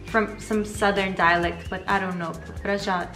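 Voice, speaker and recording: Bright-voiced woman interviewer. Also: medium pitch, fairly even intonation, moderate pace, soft background music. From Italy. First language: Italian. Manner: friendly, curious questioning. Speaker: interviewer, language teacher. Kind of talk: casual interview chat.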